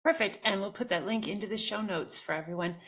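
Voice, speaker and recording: A woman's voice: medium pitch, quick pace, fairly bright tone. A woman hosting an interview, thanking her guest and asking brief, polite closing questions. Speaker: host. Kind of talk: interview wrap-up.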